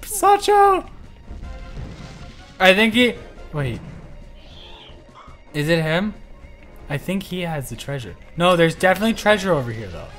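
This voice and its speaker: An excitable, jokey man hosting a livestream and giving casual commentary while he plays a game. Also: a little high, faint music behind. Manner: excitable and jokey, quick to yell. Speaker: livestream host.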